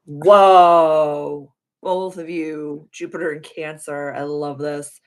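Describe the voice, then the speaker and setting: A young woman hosting a casual astrology chat, effusive and gushing as she reads viewers' charts. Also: slow. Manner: effusive, gushing with frequent high excited exclamations. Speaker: astrology livestream host.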